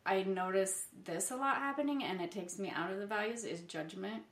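A woman's voice: medium pitch, moderate pace. A mother talking in a loose, rambling way with a lot of fillers, as a podcast co-host in casual chat. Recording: echoey room.

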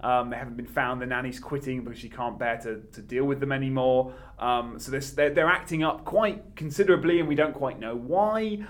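Animated man discussing a film. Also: medium pitch, a little fast, hardly any pauses. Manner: animated, argumentative, frequent restarts. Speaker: podcast co-host.

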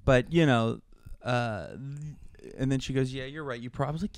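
A man's voice: medium pitch, a little fast, smooth, no room sound. A man co-hosting a casual podcast, telling a story and acting out both sides of a phone call. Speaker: podcast co-host.

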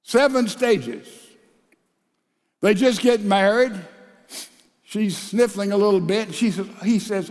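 High-voiced preacher in a reverberant hall. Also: male voice, slow, long pauses, a little mellow. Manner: emphatic preacher acting out couples' quarrels in dialogue. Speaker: pastor. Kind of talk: sermon.

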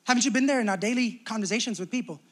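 A man's voice: high voice, racing. A young adult man preaching a sermon as pastor, talking conversationally and acting out little quoted exchanges.

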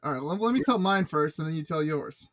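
A man's voice: a little high, expressive, quick pace, fairly bright tone. Canadian man telling rambling stories. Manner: rambling storyteller, self-deprecating. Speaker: podcast co-host. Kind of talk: casual chat.

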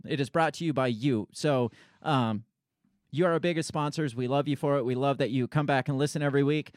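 A man's voice: mid-range voice, a little fast, no echo, studio quality. A man hosting a casual political podcast, rambling and blunt, swearing offhandedly. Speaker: podcast host.

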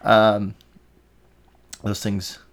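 A man's voice: on the low side, completely flat delivery, extremely slow. A young man hosting a podcast, interviewing his mother in a rambling, emotional way. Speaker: podcast host. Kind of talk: casual interview.

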